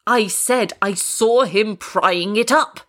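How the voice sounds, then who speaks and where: Woman doing a panicky guy on a plane, shaky and pleading, gravelly low voice. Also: expressive, normal speed, heavily acted. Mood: frantic. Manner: shaky, pleading, rising to shouts. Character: frantic, panicky middle-aged male airline passenger. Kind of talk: audiobook reading.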